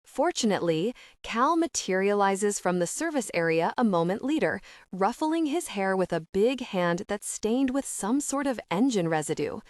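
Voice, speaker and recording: A woman's voice: mid-range voice, no echo, far from the mic. Woman narrating a romance audiobook, dry sound. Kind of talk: first-person scripted audiobook narration.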